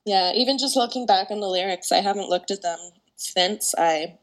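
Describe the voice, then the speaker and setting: A young woman with a morning voice, speaking at an average pitch. She talks casually as a podcast guest, her sentences loose with fillers and easy laughter. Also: normal speed. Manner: chatty, laughs often, many fillers like "like" and "um". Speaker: guest singer-songwriter.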